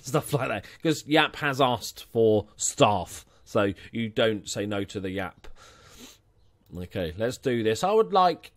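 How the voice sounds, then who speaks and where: A man's voice: medium pitch, no room sound, clean studio sound. A young man commenting casually on his football management game, chatty and jokey, inventing nicknames for his players. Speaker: gaming channel host. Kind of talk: casual let's-play commentary.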